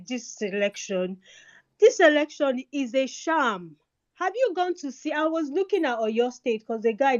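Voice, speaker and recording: A woman's voice: on the high side, darkish tone, lo-fi sound. A woman speaking in a live online discussion, impassioned and emotional, sometimes stammering. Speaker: speaker in a live audio space.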